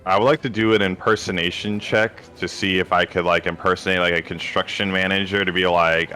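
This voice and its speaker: A laid-back male player at a tabletop game, with a very low but bright voice. He chats casually and hedges his words. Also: fairly even intonation, a little fast, few pauses, soft background music.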